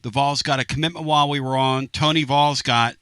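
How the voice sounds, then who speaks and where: A man hosting a sports talk radio show, telling animated stories in a brash, lively way. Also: medium pitch, brisk, clean tone, no room sound, clean studio sound. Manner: animated storyteller, does mock voices, brash.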